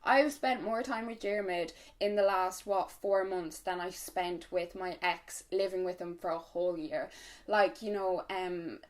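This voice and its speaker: A woman's voice: on the low side, unhurried. A woman in her twenties with an Irish accent, telling a casual story-time vlog in a chatty, frank way, full of fillers and swearing. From Ireland. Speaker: vlogger.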